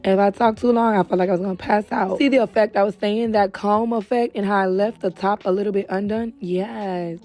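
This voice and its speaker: A young adult woman hosting a casual wig tutorial, chatty and friendly with viewers, a little hoarse and short of breath. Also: medium pitch, steady tone, fairly quick, few pauses, darkish tone, soft background music. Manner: chatty, calls viewers girl and baby. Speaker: beauty supply wig stylist host. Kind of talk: casual tutorial talk to camera. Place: indoors at home.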